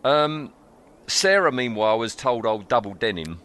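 A middle-aged man, recapping a story for a casual fan discussion, steady with dry jokes. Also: mid-range voice, normal speed. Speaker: podcast co-host.

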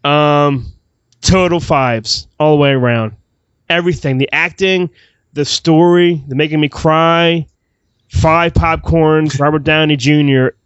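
A man co-hosting a casual movie review podcast, speaking with emphatic enthusiasm. His voice sits a bit high. The recording is dry and a little lo-fi. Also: fairly even intonation, measured pace, a bit bright, smooth, dry recording. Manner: emphatic, gushing. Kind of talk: casual chat. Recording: dry, dull lo-fi audio.

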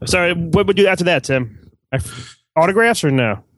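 A man's voice: high voice, expressive, brisk, a bit bright, no room sound. A man co-hosting a podcast in casual chat over a video call, rambling and repeating himself, with some swearing. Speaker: podcast co-host.

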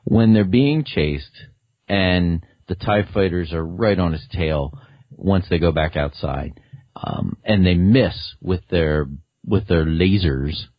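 A man guesting on a casual podcast, enthusiastic and rambling, quick to laugh. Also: low-pitched, no room sound, dull audio.

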